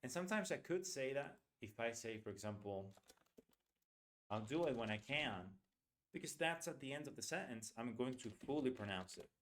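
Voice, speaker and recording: A man's voice: mid-range voice, lively intonation. A man teaching an English pronunciation lesson, reading short lines aloud and repeating phrases to show how words get reduced. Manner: slows down to spell out sounds.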